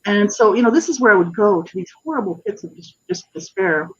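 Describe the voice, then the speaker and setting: A husky, medium-pitched voice with lively intonation and a fairly quick pace, heard on lo-fi audio, belongs to a woman in her fifties. As an author and advocate guesting on radio, she earnestly relates her personal story, often restarting and asking "you know, right?"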